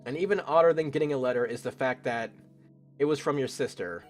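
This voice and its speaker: A man's voice: medium pitch, a little fast, soft background music, natural voice. A man voicing a playful young woman customer at a bar, reading game dialogue aloud. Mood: shy. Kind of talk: let's play voice acting.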